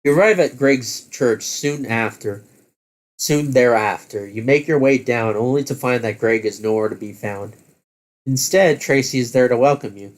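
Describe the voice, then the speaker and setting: A man reading a text adventure aloud as game master, halting and correcting himself as he goes. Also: medium pitch.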